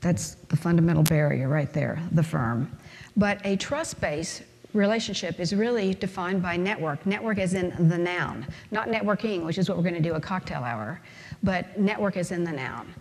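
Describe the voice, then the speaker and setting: Low-voiced woman lecturing in a reverberant hall. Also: animated, moderate pace. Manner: emphatic, rhetorical, uses everyday examples. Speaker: conference speaker. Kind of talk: conference lecture.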